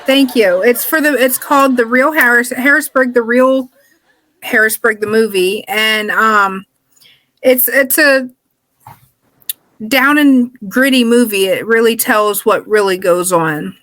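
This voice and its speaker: A woman's voice: a little high, a little slow, a bit bright. A woman actress interviewing her coach, talking hesitantly with many ums, on a video call. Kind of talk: casual interview chat.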